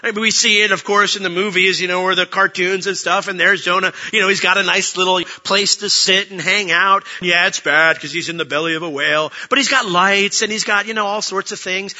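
A man preaching a sermon as pastor, lively and acting out the people he quotes. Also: high voice, brisk, few pauses, muffled recording. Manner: animated, acts out quoted voices.

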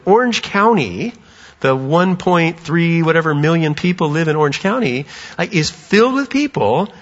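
A middle-aged man preaching a sermon as pastor, telling stories with lively animation and acting out voices. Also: sits high, husky. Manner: animated storytelling, acts out voices. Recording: dull sound with long hall reverb.

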